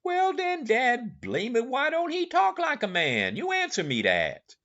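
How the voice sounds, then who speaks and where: A stubborn, earnest backwoods man drawls in thick rural Southern speech, digging in on every point, as a male audiobook reader puts him on. His voice rises and falls in a lively way. The audio is a touch dull and lo-fi. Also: sits low, moderate pace, voice pushed down, exaggerated voice. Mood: exasperated. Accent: Southern US rural dialect. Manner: drawling, dialect-heavy, dogged. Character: uneducated older man, stubborn and earnest in argument.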